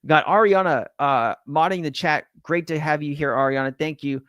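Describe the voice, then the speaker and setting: Rambling, slightly high-voiced livestream host. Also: male voice, moderate pace, fairly bright tone, smooth, dry recording, clean studio sound. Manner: rambling, filler-heavy, profane; reads out and greets chat viewers. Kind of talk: casual livestream chat.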